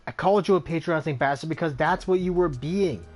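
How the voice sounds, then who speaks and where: A hot-tempered young hacker woman, as a man puts her on in a higher, strained pitch with quick, sharp retorts. She sounds indignant and combative throughout, and faint music sits under the voice. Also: steady tone, close to an everyday voice.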